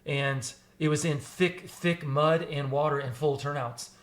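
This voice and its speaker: Animated man telling a story on a podcast. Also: a little high, a little slow. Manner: animated, repeats words, restarts a lot. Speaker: podcast guest, former firefighter recruit. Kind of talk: casual interview storytelling.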